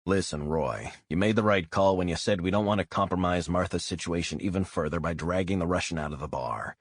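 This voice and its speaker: A man's voice: sits low, fairly quick, dry recording. A man playing a blunt, hot-headed operative. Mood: forceful. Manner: forceful, profane, blunt.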